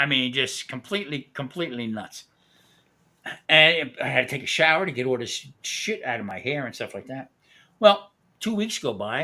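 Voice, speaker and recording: Bright-voiced man telling a profane story. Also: medium pitch. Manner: profane, laughing, animated anecdote-teller. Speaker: host. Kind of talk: casual storytelling on a live stream.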